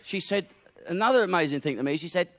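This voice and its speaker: Bawdy, chuckling male comic, lively high voice. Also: quick pace. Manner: crude and chuckling, laughs through his lines. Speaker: stand-up comedian. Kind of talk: bawdy stand-up storytelling. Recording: very noisy recording.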